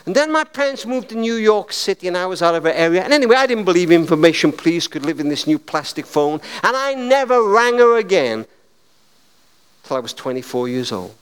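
A man preaching a sermon, telling stories in a dramatic, animated way. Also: high voice, fairly quick, clean tone, big-room sound. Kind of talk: sermon with storytelling.

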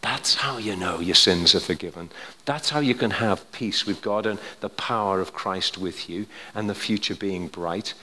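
An older man preaching a sermon, telling stories conversationally, going quiet and then building to emphatic points. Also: on the low side, moderate pace. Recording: long hall reverb.

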